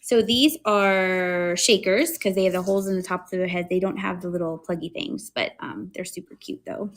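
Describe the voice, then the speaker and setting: A woman hosting a casual live-stream sale, chatting excitedly about her finds and laughing often. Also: fairly low pitch, normal speed, slight background noise. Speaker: live online seller showing thrift finds.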